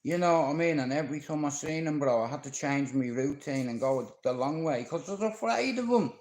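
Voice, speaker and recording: A Dublin-accented Irishman rambles through stories from his life on a livestream, profane and confrontational. His voice is a little high and mellow with lively intonation and a slightly fast pace, in a reverberant, low-quality recording.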